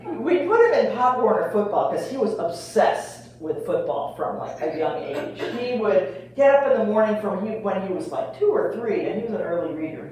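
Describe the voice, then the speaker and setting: A woman's voice: lowish voice, a little mellow, slight background noise. An older woman telling a funny family story on stage in a chatty way, with fillers. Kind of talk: live comic storytelling. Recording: echoey room, mic far off.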